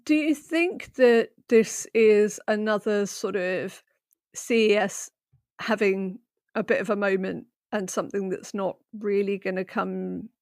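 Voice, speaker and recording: A woman's voice: medium pitch, gravelly, darkish tone, no room sound, clean studio sound. A woman from Britain co-hosting a tech podcast, speaking emphatically with firm opinions. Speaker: podcast co-host. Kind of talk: casual tech discussion.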